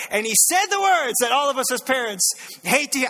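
A man in his thirties preaching a sermon, telling a lively family story and acting out the voices with frequent laughs. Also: extremely high pitch, drawn-out words, long pauses, over music. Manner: animated storytelling, acts out voices, laughs often. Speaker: pastor.

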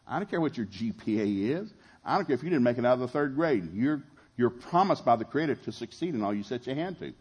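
A middle-aged man, preaching a sermon in a lively way and acting out the voices he quotes. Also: medium pitch, fast, slightly rough, muffled recording. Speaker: pastor.

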